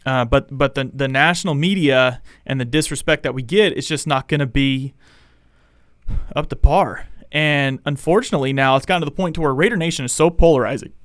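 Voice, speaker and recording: A man's voice: mid-range voice, fairly quick, dry recording, studio quality. A man, likely a young adult, hosting a live fan podcast in a rambling, opinionated way and calling out people in the chat. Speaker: podcast host.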